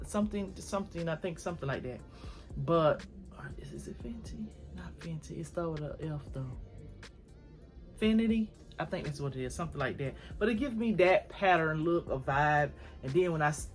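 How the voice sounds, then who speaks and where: A woman vlogger chatting casually and effusively to her viewers at home while showing off home decor items. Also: sits low. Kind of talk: casual haul chat to camera.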